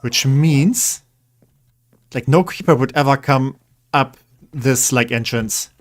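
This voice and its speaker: A man's voice: medium pitch, slow. Man, game streamer, casual commentary, rambling, mid-range voice. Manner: chatty, rambling, coaxing pets.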